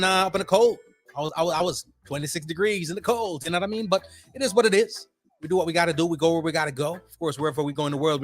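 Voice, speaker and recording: Fast-talking, high-voiced radio host man. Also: no room sound. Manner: lively shout-outs heavy with slang; slips into Caribbean-style patois for fun. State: a little under the weather. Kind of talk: energetic radio DJ chat. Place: at home, remote broadcast.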